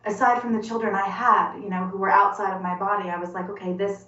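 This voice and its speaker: A woman in her forties giving a personal testimony in an interview, halting and earnest, often repeating words as she searches for them. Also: mid-range voice, level tone, pushed and bright. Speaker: interview guest. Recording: roomy, distant and dull-sounding.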